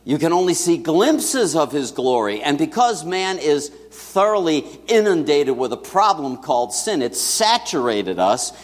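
Man, sermon, conversational preaching, animated delivery, echoing sanctuary. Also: fairly high pitch, unhurried, few pauses. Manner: conversational preaching with asides to the congregation. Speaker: pastor. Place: church sanctuary. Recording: long church reverb.

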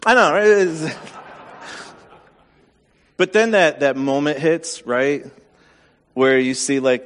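A man's voice: mid-range voice, slow, pauses often, big-room sound. A man preaching a sermon as pastor, candid and self-deprecating in a conversational way.

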